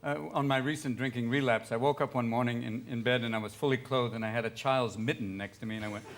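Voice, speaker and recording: A man in his sixties, a comedian guest on a talk show, riffing fast and slipping into voices. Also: medium pitch, fairly even intonation. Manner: rapid riffing, jumping into voices. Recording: loud clicking noise.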